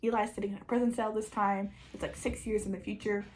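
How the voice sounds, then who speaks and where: A woman chatting casually as a book reviewer, summarising a plot with frequent "like" and quick restarts. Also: mid-range voice, little pitch movement, background noise.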